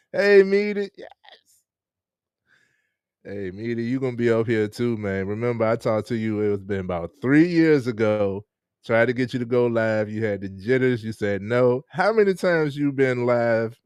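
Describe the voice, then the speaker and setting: A man's voice: medium pitch, expressive, moderate pace, a little mellow, clear, resonant tone, no room sound. A man hosting a casual live-stream interview, laid-back and laughing often as he greets viewers. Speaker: host.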